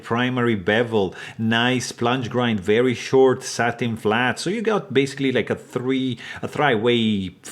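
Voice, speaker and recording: A man giving a detailed, enthusiastic product review, talking with many fillers and hesitations while he shows the item. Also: mid-range voice. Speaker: knife reviewer.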